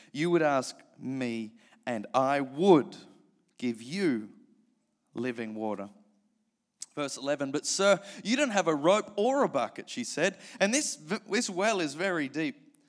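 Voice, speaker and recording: An Australian man preaching at a church service, his voice sitting a little high for a man. He reads the passage with earnest weight, then drifts into loose, self-mocking chat with the congregation. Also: a bit bright. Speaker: pastor. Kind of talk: sermon with scripture reading and prayer.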